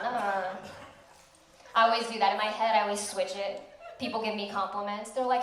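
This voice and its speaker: A young woman works through a stand-up set with dry, self-mocking delivery. Her voice sits a little higher than most women's. The recording catches her from out in the room, so the club's strong echo surrounds every line. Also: moderate pace. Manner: deadpan, self-mocking punchlines. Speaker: stand-up comedian. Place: comedy club stage. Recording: echoey club, voice from far off.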